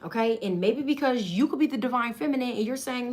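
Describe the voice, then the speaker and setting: A woman's voice: a little high, fast talker, hardly any pauses, darkish tone, slight background noise. A woman, giving a casual, chatty tarot reading to camera with lots of slang and giggling. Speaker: tarot reader.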